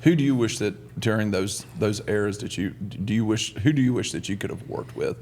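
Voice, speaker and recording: A man's voice: lowish voice, fairly quick, a little mellow, a little hiss or hum. Casual male podcast host asking questions. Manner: casual, loose questioning with fillers.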